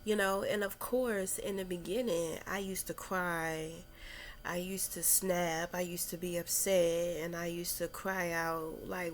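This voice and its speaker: A young adult woman vlogging candidly about her spiritual struggles, talking in a slow, meandering way with many fillers and restarts, and audibly emotional. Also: lowish voice, fairly even intonation, a little hiss or hum. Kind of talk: candid personal reflection.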